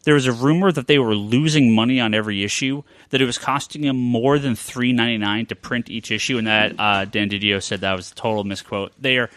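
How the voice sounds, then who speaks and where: A man chats loosely on a podcast about his work as a comic book retailer. His voice is bright and forward, and it is recorded close and dry. He rambles along with plenty of filler pauses. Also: mid-range voice, no room sound. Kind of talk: casual podcast chat.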